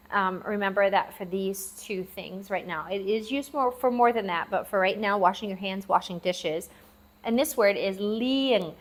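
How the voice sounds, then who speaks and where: A woman teaching a language lesson, patiently repeating words slowly and spelling them out. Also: mid-range voice, a bit bright. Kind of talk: classroom-style language lesson. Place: lives abroad in Southeast Asia.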